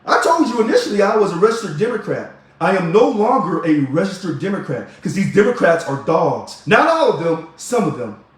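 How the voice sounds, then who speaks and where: Emphatic high-voiced man in an echoey room. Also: big pitch swings, brisk, few pauses. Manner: emphatic, preachy, argumentative. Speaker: video blogger. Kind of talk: direct-to-camera political commentary.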